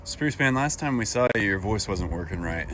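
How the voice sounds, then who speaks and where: A man's voice: lowish voice, animated, moderate pace, fairly bright tone, slight background noise. A man hosting a casual farm vlog outdoors, talking affectionately and teasingly to his animals. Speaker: host.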